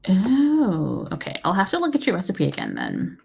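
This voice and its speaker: An American woman chats loosely as she hosts a livestream. Her voice sits a little low. She wanders between thoughts with plenty of fillers and easy laughter. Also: wildly swooping pitch, normal speed, creaky, darkish tone, husky. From United States. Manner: rambling, full of fillers and laughs. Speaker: livestream host. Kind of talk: casual livestream chat.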